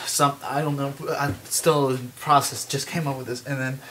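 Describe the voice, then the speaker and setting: A young man rambling through a movie pitch, full of "like" and restarts, now and then breaking into silly voices. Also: little pitch movement, normal speed, few pauses, sharp tone, a little hiss or hum. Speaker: vlogger pitching a movie idea. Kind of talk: rambling comic monologue.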